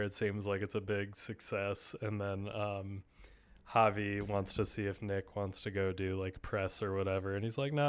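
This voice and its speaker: A man's voice: lowish voice, clear, resonant tone. A man co-hosting a podcast, chatting casually and enthusiastically with lots of fillers and restarts. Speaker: podcast co-host. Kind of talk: casual chat.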